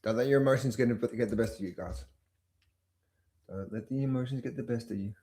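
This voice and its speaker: A man hosting a casual live market stream, mock-panicking and then talking himself calm. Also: mid-range voice, brisk. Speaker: trading channel host.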